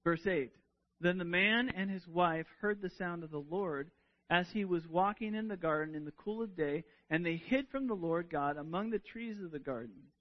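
A man's voice: high voice, moderate pace, muffled recording. A man preaching a sermon in an earnest way, often repeating words as he restarts a sentence.

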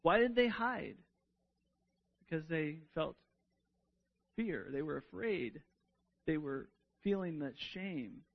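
Preaching at an unhurried pace, a man with a high, gravelly voice and lively intonation speaks earnestly, frequently repeating a word as he restarts a thought. The sermon's recording is dull and lo-fi.

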